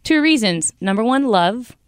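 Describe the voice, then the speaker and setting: A woman's voice: a little high, lively intonation, normal speed, smooth, dry recording, clean studio sound. A woman co-hosting a morning radio show, chatty and upbeat, laughing easily as she reads out trending stories. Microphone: studio microphone.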